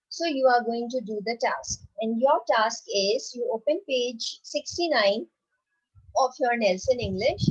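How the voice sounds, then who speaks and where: A woman's voice: high-pitched, breathy edge. A woman teaching a recorded lesson to young children, patiently asking questions, answering them herself and checking in with "right?" again and again. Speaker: primary school teacher. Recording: dull lo-fi recording.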